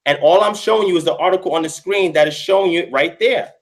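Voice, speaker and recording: A man's voice: high-pitched, fast talker. A man in a heated online debate, earnest and pleading to be allowed to finish his point.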